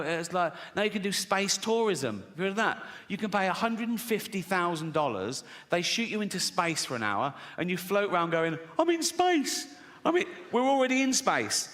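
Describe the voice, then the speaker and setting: A man in his sixties with an English accent performs sardonic stand-up in a large theatre full of people, acting out voices and tacking "right?" onto his punchlines. His voice sits a little high and sounds a bit bright. The recording carries live hall reverb and faint room noise.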